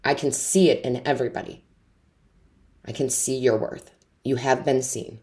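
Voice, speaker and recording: Low-voiced woman giving an earnest tarot reading. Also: fairly even intonation, moderate pace, background noise. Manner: earnest, encouraging, asks many rhetorical questions. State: tearful, emotionally overwhelmed. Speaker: tarot reader. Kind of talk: intuitive tarot reading to camera.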